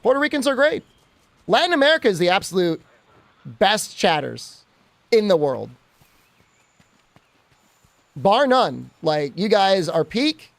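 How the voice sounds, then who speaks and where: Animated man chatting on a stream. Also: high-pitched, a little slow, vocal fry, pauses often, no echo. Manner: rambling, joking, talks to chat while playing. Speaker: game streamer. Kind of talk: casual live-stream chat.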